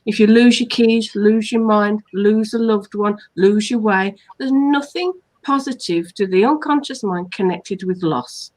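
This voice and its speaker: A woman's voice: medium pitch, unhurried, few pauses, a little mellow, poor audio. A woman hypnotherapist from England hosting a live online talk, explaining points and listing them earnestly. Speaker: hypnotherapist host.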